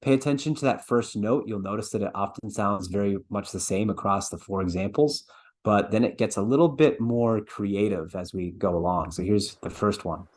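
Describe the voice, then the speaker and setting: Male presenter, lower register, casual lecturing style with filler words. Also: moderate pace, darkish tone. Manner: conversational, explanatory, with many fillers and restarts. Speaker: birding presenter.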